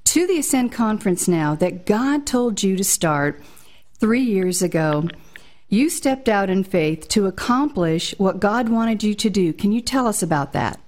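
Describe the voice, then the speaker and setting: A woman's voice: mid-range voice, lively intonation, unhurried, a little mellow. A woman hosting a Christian interview, affirming her guest and speaking in faith phrases. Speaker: host.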